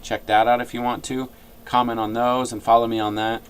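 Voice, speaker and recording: A man's voice: mid-range voice, little pitch movement, brisk, slight background noise. A man vlogging his fantasy sports opinions in a casual, rambling monologue full of fillers.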